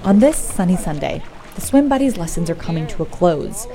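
Mellow-voiced woman radio reporter. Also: lowish voice, animated, faint music behind. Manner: measured storytelling delivery. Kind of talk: scripted news report.

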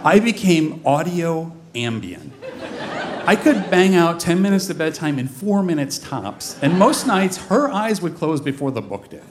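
A man in his forties telling a comic personal story on stage, with a lively, animated delivery. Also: a little high, a little slow, noisy background. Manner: comic, animated, mimics voices in quotes. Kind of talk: live storytelling performance. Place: stage before an audience.

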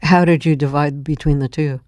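Brief: female radio host, smooth resonant voice, calm questions, dry studio. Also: low voice, fairly quick, no room sound. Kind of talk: radio interview.

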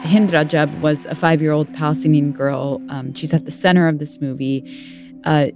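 A woman's voice: deep voice, fairly even intonation, normal speed, music in the background. A woman co-hosting a talk podcast, thinking aloud in a casual, chatty way. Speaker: podcast co-host. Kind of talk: conversational radio chat.

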